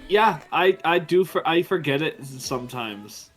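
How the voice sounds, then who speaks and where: A man in a casual podcast-style chat, calmly explaining bits of trivia with some hesitation. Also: a little high, normal speed. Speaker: podcast guest.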